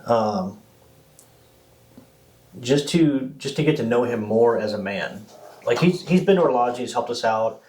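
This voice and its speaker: A man hosting a podcast, talking casually in a rambling, animated way. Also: medium pitch, a little slow, long pauses, a little hiss or hum, poor audio. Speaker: podcast host. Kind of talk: casual chat.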